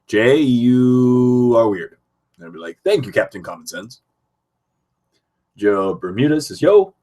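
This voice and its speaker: A young man from Canada with a lowish voice hosts a casual live stream from his home computer. He reads viewer messages aloud and answers them in an easygoing chat. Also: slightly rough.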